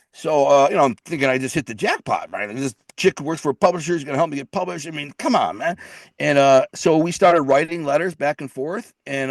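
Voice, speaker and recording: A middle-aged man, mid-pitched and talking in blunt street slang. He tells his story plainly and often repeats or restarts his words. The sound is dry and close, with no room echo. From Detroit. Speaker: guest, author. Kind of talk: casual storytelling interview.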